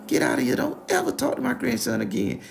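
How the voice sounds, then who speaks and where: A shrill, screeching old grandmother, as a man puts her on, hurling curses and threats at full blast. Her voice leaps far above the teller's own low, gravelly tone, loud and wild in the middle of a spoken story. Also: huge pitch swings, fast, slight background noise, full character voice. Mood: furious screaming. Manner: screaming, cursing threats. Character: furious old grandmother screaming at a guest.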